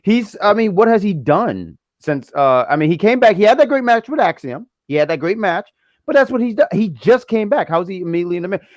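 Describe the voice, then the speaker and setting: A man's voice: high voice, animated, quick pace, no echo. A man co-hosting a wrestling review show, joking and rambling in casual chat.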